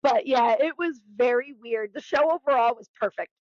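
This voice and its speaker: A woman from New Jersey, co-hosting a podcast, tells stories in a casual, animated way and acts out what people said. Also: a little high, moderate pace, crowd noise. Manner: animated storyteller, acts out quotes. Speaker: podcast co-host. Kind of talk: casual chat. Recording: dull, dry lo-fi sound.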